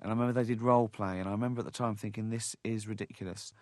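A man's voice: lowish voice, fairly even intonation, racing, darkish tone, no echo, clean studio sound. A man being interviewed about his comedy writing, telling wry, conversational anecdotes. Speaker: comedy creator, interview guest.

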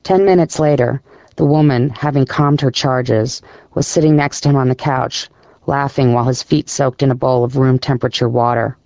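Gravelly male audiobook narrator. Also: mid-range voice, steady tone, moderate pace, darkish tone, dry recording, muffled recording.

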